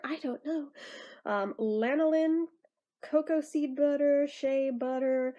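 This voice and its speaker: A woman's voice: high voice, darkish tone. A woman with a stuffy nose chatting through a casual product review, bubbly and easily sidetracked.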